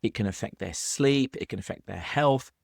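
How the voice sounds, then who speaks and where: A British man co-hosting a podcast in a low, steady voice. He explains earnestly, often restarting his phrases. The sound is dry and close. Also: moderate pace, creaky, dry recording. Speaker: podcast co-host. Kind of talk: conversational podcast discussion.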